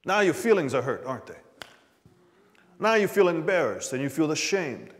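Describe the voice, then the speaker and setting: A man's voice: fairly high pitch, expressive, moderate pace. A man preaching a sermon as pastor, calling out to the congregation for an amen. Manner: preaching with call-and-response "Amen?". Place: church sanctuary. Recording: long hall reverb.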